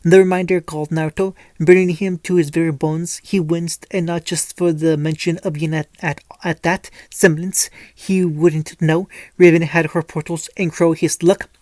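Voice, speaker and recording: A mid-pitched storyteller reads a fan-fiction tale aloud in a dry, dead-sounding space. The reading is casual and often stumbles, doubling back on words before carrying on. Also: flat delivery, normal speed, hardly any pauses, darkish tone, no room sound. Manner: frequent stumbles and restarts while reading. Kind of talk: storytelling reading with light character voices.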